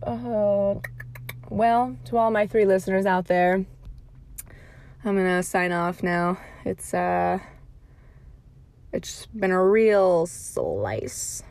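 A woman's voice: mid-range voice, flat delivery, slow pace, long pauses, darkish tone, no room sound. A young woman recording a casual audio diary from her parked car, rambling and filling her talk with "like". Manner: rambling, heavy use of filler "like".

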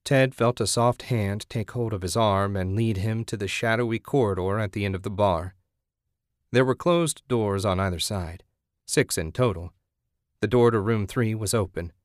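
Male narrator, low voice, steady measured reading, dry close sound. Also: no room sound. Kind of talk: audiobook narration.

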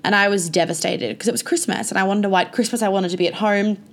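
A woman's voice: medium pitch, fairly even intonation, quick pace. Chatty young woman, swearing freely. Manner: chatty, full of "like" and frequent swearing. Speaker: vlogger. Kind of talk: casual storytime monologue.

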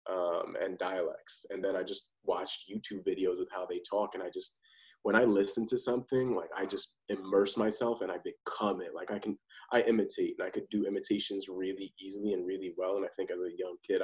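A man guesting on a podcast, an actor describing his craft. His voice is very low, and he talks loosely and with confidence, in an easy conversational flow. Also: steady tone, brisk, darkish tone, poor audio. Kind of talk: casual interview chat.

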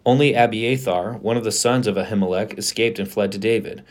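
A man co-hosting a podcast, reading scripture aloud in a plain, steady way with small asides. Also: lowish voice, brisk. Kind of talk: Bible reading with light banter.

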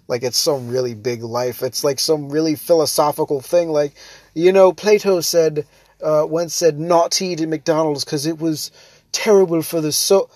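A man's voice: a little high, lively intonation, moderate pace, dry recording, studio quality. A young man hosting his own show, ranting sarcastically and laughing often while he nurses a headache. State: has a headache, holds back laughter. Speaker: podcast and stream host. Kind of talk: casual solo monologue.

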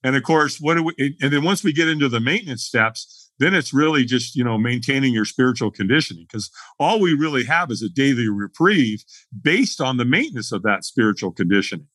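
Husky, bright-voiced middle-aged man. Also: mid-range voice, brisk, no echo. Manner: animated storyteller acting out dialogue. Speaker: guest. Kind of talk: podcast interview storytelling.

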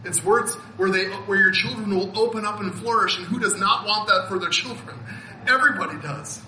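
Bright-voiced man in his fifties preaching. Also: high voice, fairly quick, reverberant, a little hiss or hum, poor audio. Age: 50s. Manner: earnest, emotional, laughs often, repeats words. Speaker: pastor. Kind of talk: sermon.

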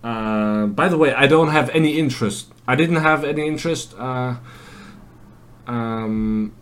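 Male podcast host, unhurried, rambling and profane. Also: mid-range voice, a bit bright. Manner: rambling, profane, lots of fillers. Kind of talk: casual monologue.

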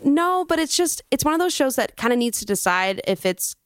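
Chatty woman podcast co-host, lively. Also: sits high, brisk, no room sound, clean studio sound. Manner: chatty, laughs often. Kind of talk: casual chat.

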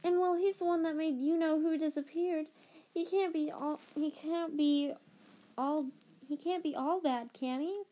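Woman doing a shy schoolgirl witch, high and hesitant, mellow tone. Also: steady tone, measured pace. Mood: uncertain. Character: unsure, kind-hearted schoolgirl witch.

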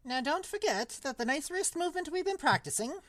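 A woman voicing a tiny, fussy old male wizard professor in a squeaky, high, fluttery voice for a storybook read-aloud. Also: expressive, brisk, no echo. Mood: instructive. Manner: chirpy schoolteacher instructions.

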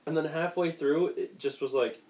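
A man in casual chat on a podcast panel, relaxed, crude and joking. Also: a little high, normal speed, poor audio.

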